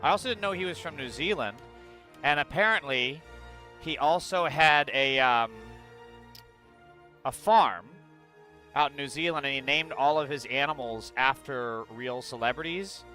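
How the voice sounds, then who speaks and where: A man's voice: mid-range voice, measured pace, bright, forceful tone, soft background music. A male streamer chatting casually and bluntly on a livestream, swearing freely and reacting aloud as he reads news.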